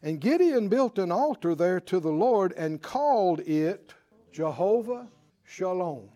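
A man preaching a sermon, animated and acting out Bible figures with chuckles. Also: high voice, unhurried.

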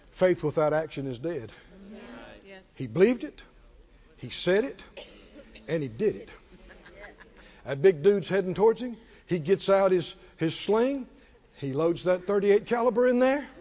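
A man preaching a sermon in an animated, conversational way with chuckling asides. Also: sits high. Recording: dull audio in a large reverberant hall.

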